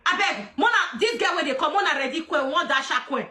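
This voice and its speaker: A woman with a Nigerian Pidgin accent hosting a casual livestream, loud and mocking, often laughing and shouting. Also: high-pitched, expressive, fast talker. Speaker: livestream host.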